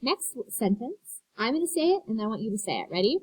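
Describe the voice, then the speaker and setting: A woman's voice: fairly high pitch, sing-song, fast, breathy edge, no room sound, rough recording. A woman teaching first graders an online phonics lesson, spelling words letter by letter and praising them.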